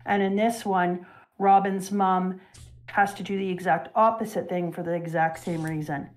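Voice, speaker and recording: A young adult woman hosting a casual talk show, retelling a story with animated, emotional energy. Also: lowish voice, normal speed. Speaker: show host. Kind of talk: casual chat retelling a manga.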